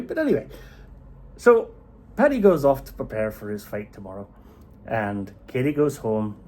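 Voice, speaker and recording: A male storyteller with a lowish, slightly rough voice tells a folk tale in a casual, animated way. He chuckles as he goes and pokes fun at himself.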